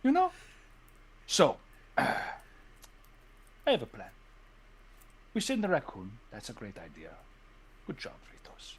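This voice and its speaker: A man voicing a scheming male mafia sloth with a put-on mobster accent and a slow, menacing drawl in a tabletop role-play. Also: medium pitch, wildly swooping pitch, breathy edge, voice pushed down, exaggerated voice.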